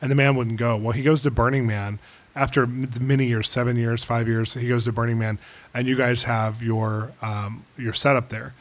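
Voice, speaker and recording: A man's voice: medium pitch, moderate pace. A man hosting a podcast interview, telling a story with rising enthusiasm. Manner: animated storyteller, swells with enthusiasm. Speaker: podcast host.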